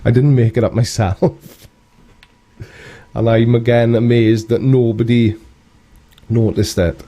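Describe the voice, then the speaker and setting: A man's voice: mid-range voice, flat delivery, takes it slowly, warm tone. A man hosting a live stream, reading out viewer comments in a rambling, cheeky way and chuckling often.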